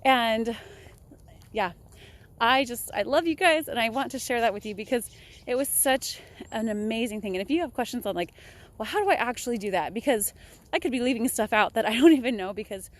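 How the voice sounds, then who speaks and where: A woman's voice: fairly high pitch, a little fast. A young woman talking casually and upbeat in a motivational vlog, chatting while walking outdoors. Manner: chatty, upbeat, laughs often. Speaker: vlogger.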